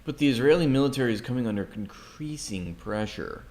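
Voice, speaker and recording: A man's voice: medium pitch, animated, brisk, darkish tone, slight background noise. A man reading news articles aloud on a livestream, breaking off with sarcastic, mocking asides to his chat.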